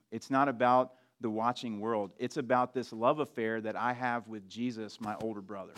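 A man preaching a sermon in a relaxed, conversational way, with frequent restarts and asides. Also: medium pitch. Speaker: pastor.

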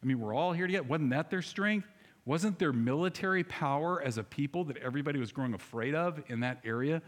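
A man preaching a sermon to a congregation in a church, animated and speaking straight to the people with rhetorical questions. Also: on the high side, quick pace, long reverb tail. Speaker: pastor. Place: church sanctuary.

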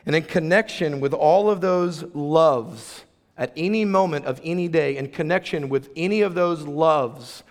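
A fairly high-voiced man preaches a sermon in a large, echoing church hall, the sound trailing off in a long reverb. He talks in a conversational, emphatic way and keeps tossing quick asides to his listeners. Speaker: pastor.

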